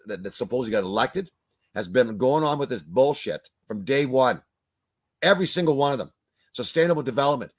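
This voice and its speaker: There's a husky, mid-range quality to this older Canadian man's voice as he rants without holding back. Joining a video call as a guest, he curses and gets tangled in repeated words.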